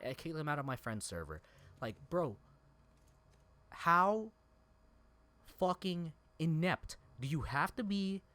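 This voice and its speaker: A man's voice: a little high, a bit bright, no room sound. A man streaming a game and giving a heated, profane, repetitive personal rant. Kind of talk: angry personal rant over gameplay.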